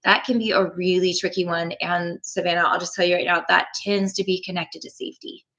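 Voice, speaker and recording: A woman hosting a live tapping session, gentle and encouraging, greeting chat viewers with frequent ums. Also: fairly low pitch, fairly even intonation, brisk, muffled recording.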